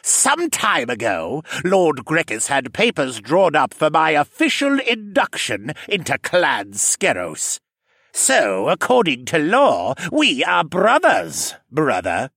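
A man's voice: huge pitch swings, slow pace, pushed and bright, husky, no echo, studio quality, exaggerated voice. Man putting on a sneering snake-like courtier. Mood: smug. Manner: high, sneering, hissing. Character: scheming snake-like male courtier, cruel and sly.

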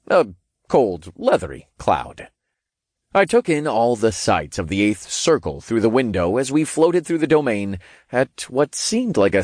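Wry, lively-voiced male narrator. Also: fairly low pitch, dry recording, clean studio sound. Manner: casual, wry storytelling with swearing. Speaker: audiobook narrator. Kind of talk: scripted first-person narration.

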